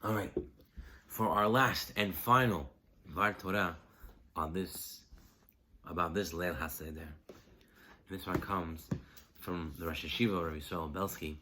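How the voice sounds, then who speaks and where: A man's voice: low-pitched, unhurried, long pauses, noisy background. A man giving a holiday sermon as a rabbi, telling stories animatedly with rhetorical questions.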